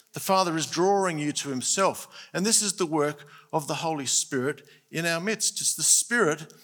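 A man's voice: fairly high pitch, bright, forceful tone. A man preaching a sermon, earnest and emphatic, stressing key points. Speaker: pastor.

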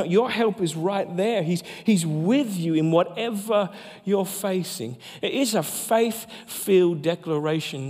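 A man, a pastor, preaching a sermon with emphatic delivery that slows down for key phrases. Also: sits high, a little mellow. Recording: long hall reverb.

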